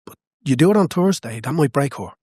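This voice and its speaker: A man speaks as a passionate, emphatic guest on a podcast. His voice sits in a middle pitch and comes across dry and close, with no room sound. He keeps repeating key phrases to drive home his points. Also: lively intonation, brisk, dark tone, slightly rough, no echo. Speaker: guest, boxing coach and cutman. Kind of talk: conversational podcast interview.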